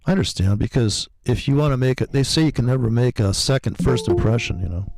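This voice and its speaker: A man's voice: medium pitch, fast talker, gravelly. A man hosting a casual livestream, rambling and profane as he calls the markets. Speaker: host, forex trader.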